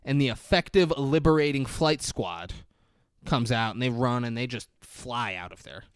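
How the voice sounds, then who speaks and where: A podcast host in casual chat reviewing a movie, profane and animated, acting out scenes in quick voices. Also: male voice, medium pitch, clean tone, dry recording, clean studio sound.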